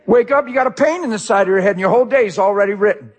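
A middle-aged male pastor preaching a sermon with passion, swinging from shouts to quiet, heartfelt talk. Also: high voice, racing.

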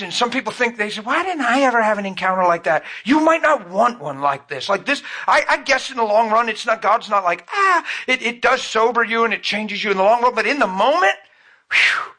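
Husky-voiced man preaching with fervor. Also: extremely high pitch, animated, brisk, hardly any pauses, pushed and bright. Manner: emotional, storytelling, rising to fervent. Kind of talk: sermon with personal testimony.

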